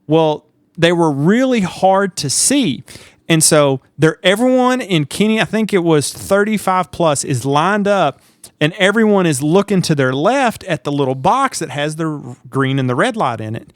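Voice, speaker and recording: A man co-hosting a podcast, telling stories in a lively, animated way and acting out the people in them. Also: on the high side, measured pace, no room sound. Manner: animated storyteller, acts out shouts and quotes. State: sleep deprived. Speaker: podcast co-host. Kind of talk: casual chat.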